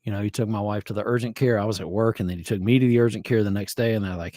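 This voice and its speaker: A man's voice: fairly low pitch, fairly even intonation, rapid-fire, dark tone, no echo. A middle-aged man hosting a live music stream from his home studio, chatting in a loose, rambling way with lots of fillers. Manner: rambling, easygoing, often trails off with fillers. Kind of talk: casual live-stream chat.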